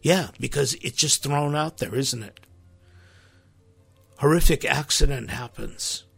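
Male preacher, impassioned sermon, gravelly, husky, close dry sound. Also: mid-range voice, unhurried, no echo, soft background music. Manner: impassioned, rising to sharp emphasis.

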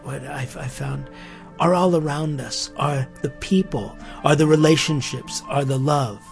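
A man's voice: mid-range voice, creaky, a little mellow. A man hosting a podcast, reflecting earnestly on faith and spirituality in a musing way, often restarting his sentences. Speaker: podcast host.

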